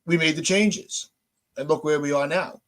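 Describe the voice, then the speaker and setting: A man's voice: on the high side, fairly even intonation, moderate pace. A man hosting a podcast, venting with frustration, swearing and restarting his sentences. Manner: frustrated, repetitive restarts, profane. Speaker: podcast host. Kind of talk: heated casual podcast chat.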